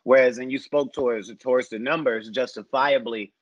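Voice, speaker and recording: A man's voice: mid-range voice, fairly even intonation, moderate pace, dry recording. Man, basketball podcast chat, rambling, thoughtful, slightly lo-fi, dry. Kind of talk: casual sports discussion.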